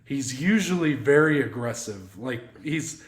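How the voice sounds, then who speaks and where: A man in the middle of a podcast telling a rambling story, swearing often and slipping into other people's voices as he quotes them. His voice sits at an ordinary pitch. The recording carries a noticeable room echo. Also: a little slow. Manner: animated storyteller, swears freely, acts out quotes. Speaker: podcast co-host. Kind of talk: casual storytelling chat.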